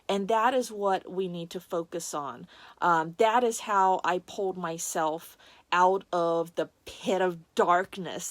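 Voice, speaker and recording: A woman speaks candidly about a deeply personal experience, her voice emotional and at moments close to tears. She talks with many restarts and fillers, in a mid-pitched voice. The recording is dry and close. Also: no echo. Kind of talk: personal testimony to camera.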